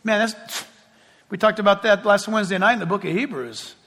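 A man, a pastor, preaching a sermon in a church, talking in a lively, conversational way with asides. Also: high voice, a little fast. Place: church sanctuary before a congregation. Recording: long reverb of a large hall.

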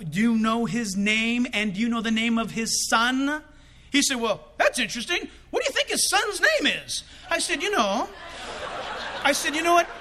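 High, bright, animated male preacher. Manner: storytelling with acted-out quotes, bursts of laughter. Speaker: preacher telling a personal story. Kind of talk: animated sermon anecdote.

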